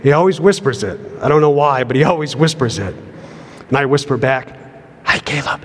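A man's voice: mid-range voice, brisk, a little hiss or hum. Earnest preaching man in a reverberant hall. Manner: earnest, repeats words when building a point. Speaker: pastor. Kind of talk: sermon.

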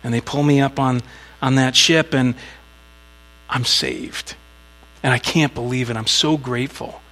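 A man's voice: mid-range voice, steady tone, fairly quick, a bit bright, poor audio. A man preaching a sermon in a conversational way, telling a story with little acted asides. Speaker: pastor.

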